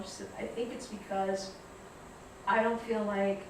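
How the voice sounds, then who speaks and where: A woman giving a reflective public talk, telling stories in a measured way. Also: mid-range voice, little pitch movement, very echoey, distant mic, background noise. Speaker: guest speaker. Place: lecture hall.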